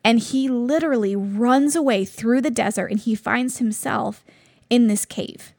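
A woman's voice: on the high side, a little slow, a little mellow, no room sound, studio quality. A woman in her thirties hosting a devotional podcast, telling a personal story in an earnest, reflective way. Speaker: podcast host.

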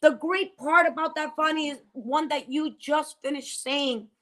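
A woman with a notably high voice and a bright, forceful tone preaches on a faith talk show. She repeats phrases for emphasis and exhorts her listeners. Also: a little slow.

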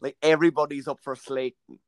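A man's voice: fairly high pitch, flat delivery, a little fast, no room sound. A young man co-hosting a podcast, joking and teasing, often slipping into mock voices. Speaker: podcast co-host. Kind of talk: casual chat.

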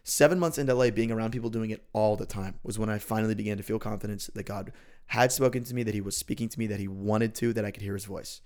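A man's voice: on the low side, steady tone, fast, a little mellow. A man hosting a podcast, explaining a faith practice in an earnest, conversational way and often checking in with the listener. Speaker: podcast host teaching on faith. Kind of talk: casual teaching talk.

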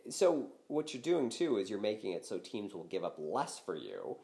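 An older man talks sports on a podcast in a loose, conversational way. His pitch swings widely, and he sometimes jumps into loud, high-pitched exclamations. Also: moderate pace, gravelly. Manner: animated, bursts into loud high-pitched shouts. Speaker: podcast guest. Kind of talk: casual sports chat.

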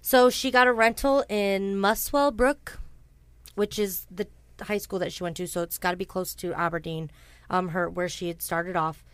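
A woman's voice: fairly low pitch, steady tone, moderate pace, smooth, dry recording. A woman casually telling a true-crime story to a co-host, chatty and blunt, swearing freely, with frequent ums and asides. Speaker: podcast host.

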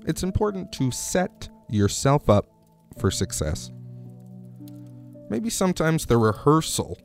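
A man's voice: a little high, very animated, takes it slowly, long pauses, soft background music. A man rambling through a comic monologue, digressing wryly and asking the listener questions.

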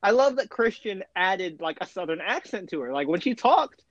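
In a high voice with big pitch swings and a moderate pace, a man co-hosts a podcast, chatting eagerly about a TV series with many fillers and false starts. The lo-fi mic sounds dull and dry, with no echo.

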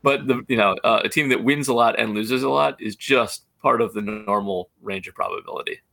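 A man's voice: fairly low pitch, brisk, vocal fry, bright, forceful tone, no room sound. A man co-hosting a casual baseball podcast, blunt and opinionated, with many fillers. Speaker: podcast co-host.

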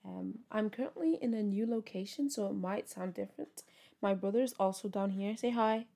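Young woman, solo podcast host, casual chatty talk, tired, medium pitch. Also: moderate pace, gravelly, dark tone. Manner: chatty, upbeat, lots of fillers.

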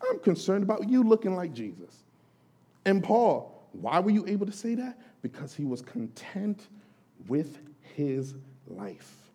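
A male lay pastor delivers a sermon in an animated, conversational way, voicing questions to the apostle as if speaking to him. His voice is mellow and slightly husky, with pitch that swings widely as he preaches.

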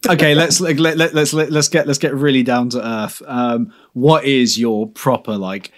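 A man co-hosts a casual watch-along of a film, rambling from one joke to the next. He swears freely and talks at a middling pitch. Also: steady tone, moderate pace. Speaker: film commentary co-host.

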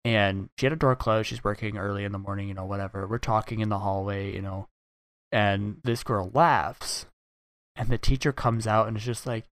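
A man's voice: lowish voice, steady tone, moderate pace, a bit bright, no echo, clean studio sound. A young man hosting a podcast, telling stories casually and animatedly with many fillers. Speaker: podcast host. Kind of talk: casual chat.

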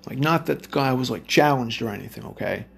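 A man's voice: medium pitch, lively intonation, fast, creaky, fairly bright tone, slightly rough. A man telling a rambling, profane story to his listeners in a loose, blunt way.

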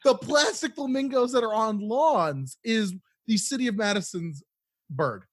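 A man co-hosting a podcast, ranting with animated indignation and laughing through casual banter. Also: high-pitched, measured pace, slightly rough. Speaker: podcast co-host.

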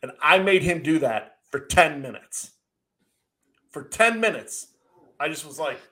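A middle-aged man co-hosting a casual chat, telling an animated, sarcastic story with mocking asides. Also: on the high side, normal speed. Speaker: podcast co-host.

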